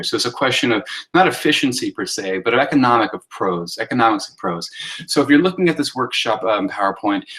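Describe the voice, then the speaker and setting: A man, a writing instructor, giving a recorded lecture on sentence style. He talks through slides casually with many fillers and reads example sentences aloud in a raised, animated voice. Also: lowish voice, low-quality recording. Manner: conversational teaching with many fillers, acting out example sentences in a lifted voice.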